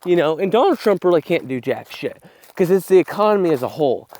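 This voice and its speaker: A young man vlogs casually on his phone camera while walking his farm fields outdoors, rambling bluntly with profanity and sounding short of breath. His voice sits on the high side, fast, expressive and warm.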